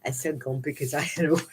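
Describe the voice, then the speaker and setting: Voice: medium pitch, very noisy. A spiritual card reader at home, chatting casually through an oracle card reading in a rambling, giggly way with many fillers.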